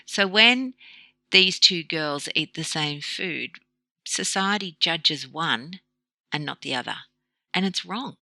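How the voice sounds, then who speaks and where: A woman talks in a bright, forceful voice with a gravelly edge. She tells stories with analogies and acts out the voices in them. The sound is close and dry. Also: low voice, slow pace, no echo. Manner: animated storyteller who acts out quoted dialogue. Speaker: guest, low-carb practitioner. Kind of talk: conversational interview.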